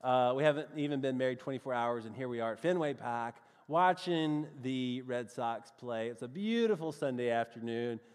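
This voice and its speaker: A man's voice: mid-range voice, normal speed, hardly any pauses, smooth. Southern man preaching in a reverberant hall. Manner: storytelling, animated, addresses the audience as friends. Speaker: pastor. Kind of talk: sermon with a personal story.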